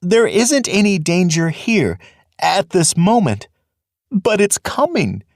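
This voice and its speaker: A man voicing a timid young male rabbit seer, high and whimpering with fear in a storybook. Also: sing-song, slow pace, dry recording, clean studio sound, full character voice. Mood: terrified. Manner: trembling, whimpering.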